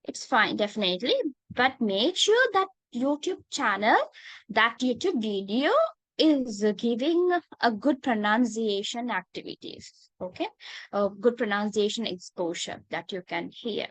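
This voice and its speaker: A woman with a Sri Lankan accent teaching English in an online class. She is patient, calls students darling and dear, and pauses often with "uh". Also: on the high side, lively intonation, a bit bright, no room sound, low-quality recording. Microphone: video call.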